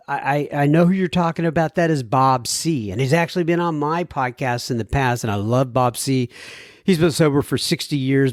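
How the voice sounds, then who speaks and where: A man's voice: medium pitch, no echo, clean studio sound. A man hosting a podcast, reading listener emails aloud and replying to them earnestly and gratefully. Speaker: podcast host.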